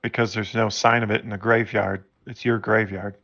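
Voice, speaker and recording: A man at a tabletop game, speaking in a low, flat, gravelly voice as he presses a character for answers. He sounds dull and lo-fi, as if on a voice call. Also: moderate pace. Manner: blunt, interrogating. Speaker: player. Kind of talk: in-character role-play.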